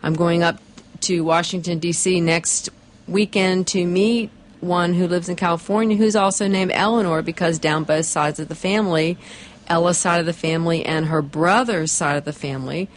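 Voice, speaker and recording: A woman's voice: on the low side, steady tone, moderate pace, slight background noise. A woman author answering interview questions, often repeating words as she thinks. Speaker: author and guest. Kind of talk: radio interview.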